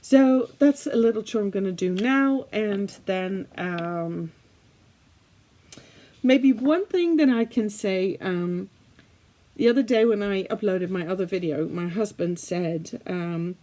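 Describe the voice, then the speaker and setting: A woman's voice: mid-range voice, slow, warm tone. A Dutch woman, a native Dutch speaker, chatting casually to her viewers in English with a faintly British-leaning Dutch accent, chatty and self-deprecating, with lots of fillers. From Netherlands. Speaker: art vlogger. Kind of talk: casual chat to camera.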